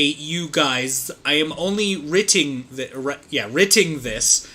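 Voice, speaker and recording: A man's voice: a little high, expressive, takes it slowly, sharp tone. A man hosting a comedic read-aloud with friends, laughing often and stumbling over the text. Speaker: host reading a fanfiction aloud.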